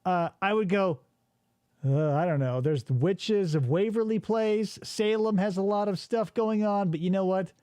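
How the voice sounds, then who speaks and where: A man's voice: high-pitched, moderate pace, a little mellow, clean tone, no room sound, clean studio sound. A man hosting a podcast, riffing in casual chat and swearing freely. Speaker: podcast host.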